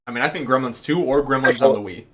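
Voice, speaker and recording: A man's voice: mid-range voice, quick pace. A man hosting a casual podcast chat, joking and laughing often. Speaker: podcast host.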